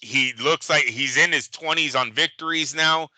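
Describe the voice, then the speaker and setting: A man's voice: on the high side, normal speed, sharp tone, no echo. A man co-hosting a boxing talk show, chatting casually and animatedly, swearing and acting out quotes. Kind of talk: casual podcast chat.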